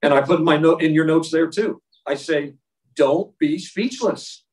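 A man's voice: a little high, little pitch movement, fairly quick, recorded from a distance. A man leading an informal faith lesson for a men's group. He is blunt and joking, and repeats key words for emphasis. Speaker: men's Bible study leader. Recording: roomy sound, speaker away from the mic.

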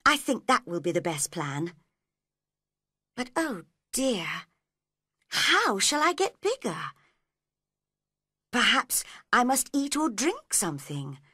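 A woman's voice: fairly high pitch, sing-song, takes it slowly, pauses often, sharp tone, husky, no echo, studio quality, exaggerated voice. A woman voicing a polite, puzzled young girl who talks earnestly and asks many questions.

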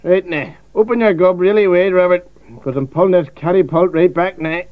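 A man's voice: sits high, brisk, a little mellow. A man with a Northern Irish accent, making crude, mocking jokes in a comedy sketch.

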